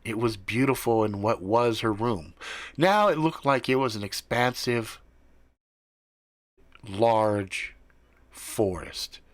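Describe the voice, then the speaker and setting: Man, storyteller, improvised story, relaxed, swears often, very slow, dry close sound. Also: lowish voice, no echo. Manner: relaxed, profane, drawn-out delivery. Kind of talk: improvised first-person storytelling.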